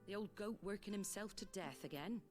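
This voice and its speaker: A woman's voice: medium pitch, fairly quick, a little mellow, faint music behind, close to an everyday voice. An actress voicing a shrewd, folksy female moneylender who talks in a wry, chatty way in a video game. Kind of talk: game voice acting.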